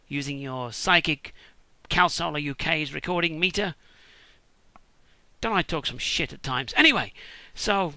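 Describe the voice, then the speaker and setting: A man's voice: high-pitched, expressive, normal speed, gravelly, sharp tone, dry recording. A British man rambling through a crude, irreverent comic Bible retelling at home. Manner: profane, rambling, irreverent asides. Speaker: storyteller.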